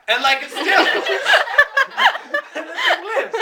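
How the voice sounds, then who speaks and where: A man's voice: very high voice, sing-song, slow. A young man dramatically retelling a film plot, giggling and saying "like" constantly, recorded far off on a noisy home video in an echoey room at home. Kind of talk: animated comic retelling.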